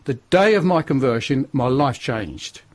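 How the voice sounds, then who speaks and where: A man's voice: mid-range voice, lively intonation, unhurried. An older man with a Northern English accent, a radio guest giving a blunt, chatty testimony that turns preachy. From northern England.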